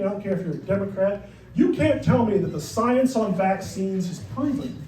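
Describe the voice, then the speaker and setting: A middle-aged man performing a stand-up comedy set on a club stage, telling dark stories in a deadpan way with asides to the crowd. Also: sits high, echoey room, distant mic, slight background noise, rough recording.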